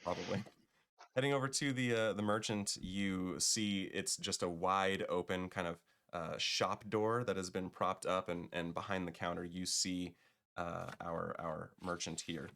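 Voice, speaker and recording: A man's voice: deep voice, fairly even intonation, unhurried, a bit bright. A man narrating a tabletop game as game master, loose and chatty with fillers and small laughs.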